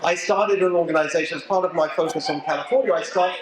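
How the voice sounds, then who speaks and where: A middle-aged man with an English accent speaks to a live audience, emphatic and animated, cracking jokes as he goes. His voice sits a little high for a man. The room rings with a heavy echo. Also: fast talker, over a noisy crowd. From England. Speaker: political speaker. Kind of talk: speech to a local political group. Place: event venue with a live audience. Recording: echoey room.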